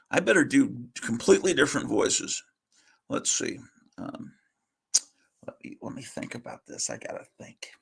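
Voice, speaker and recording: A man's voice: mid-range voice, very animated, normal speed, vocal fry, husky. A man hosting a casual livestream, rambling and self-deprecating as he reads old comics and swears under his breath. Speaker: host.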